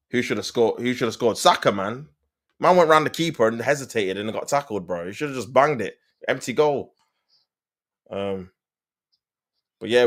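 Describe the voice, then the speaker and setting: A man with a lowish voice talks viewers through a football match as a live stream host. His commentary is casual and full of slang, and he turns exasperated when his side gives the ball away.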